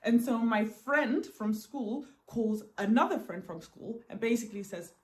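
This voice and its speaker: A woman vlogger telling a dramatic first-person story in an animated, emphatic way, often repeating words for effect. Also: fairly high pitch, unhurried.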